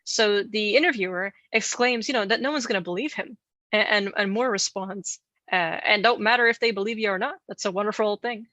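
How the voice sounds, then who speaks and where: A woman's voice: mid-range voice, fairly quick, pushed and bright, no room sound, lo-fi sound. A woman co-hosting a podcast, telling folklore in casual chat with playful asides and frequent laughter. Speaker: podcast co-host.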